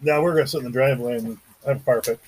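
A man's voice: mid-range voice, rapid-fire, darkish tone, husky, low-quality recording. A man co-hosting a casual talk show, easygoing and agreeable with a wry edge. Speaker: podcast co-host. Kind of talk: casual chat.

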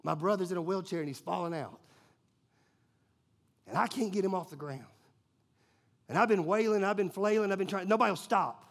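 A preacher acts out a frightened twelve-year-old boy begging for help. The words tumble out in a pleading rush. The voice stays fairly high. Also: brisk, pauses often.

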